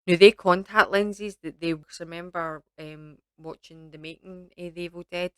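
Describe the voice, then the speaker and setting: A woman's voice: fairly low pitch, level tone, moderate pace, clear, resonant tone, no echo. A Scottish woman giving a casual, rambling film review, full of ums and asides. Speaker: vlogger reviewing films.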